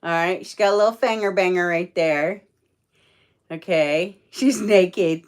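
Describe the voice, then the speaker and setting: Lady doing a chill home livestream, talks real slow, rambly and chatty. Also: clean tone. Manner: chatty and rambling, with fillers and laughs; high sing-song baby talk to her dogs. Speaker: livestream host. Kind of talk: casual livestream chat. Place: at home indoors.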